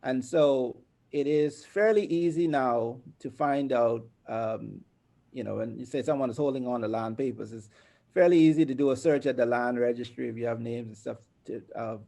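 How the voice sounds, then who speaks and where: Gravelly man explaining property law. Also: medium pitch, mellow. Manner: measured, laughs often, many fillers. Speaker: lawyer guest.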